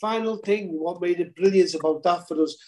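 An older man with a notably high voice rambles through memories on a podcast. He restarts his phrases often in a relaxed chat. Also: brisk, a little hiss or hum. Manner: rambling, repeats words. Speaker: podcast co-host. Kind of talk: casual chat.

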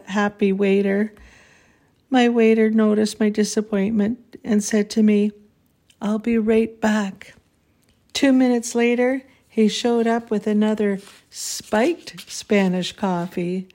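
Slow-reading woman storyteller. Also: medium pitch. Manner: unhurried and homey, with soft hesitant fillers. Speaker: author reading her own story. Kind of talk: storytelling read-aloud and casual reflection.

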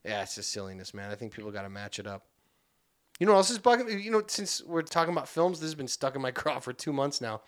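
A man's voice: mid-range voice, very animated, fast talker. A man co-hosting a podcast in casual chat, rambling with many fillers and restarts, often trailing off into a mumble. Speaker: podcast co-host.

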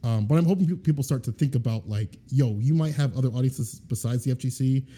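A man's voice: mid-range voice, fast, warm tone, husky. A man talking as a podcast guest, in a rambling, earnest way full of fillers. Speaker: guest fighting game commentator. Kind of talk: casual podcast chat.

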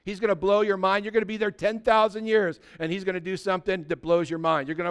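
A man's voice: high-pitched, flat delivery, fast, clear, resonant tone. A male pastor delivering an earnest sermon, exhorting his congregation directly.

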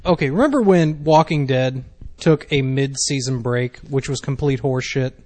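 A man's voice: mid-range voice, moderate pace, a little mellow. A man chatting crudely on a podcast, giving short, dry replies. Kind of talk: crude casual banter.

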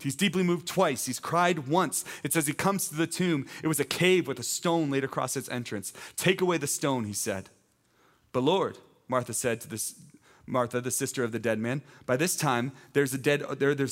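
Preaching a sermon, a male teaching pastor speaks with a mid-range voice, keeping things conversational but emphatic until he rises into loud proclamations.

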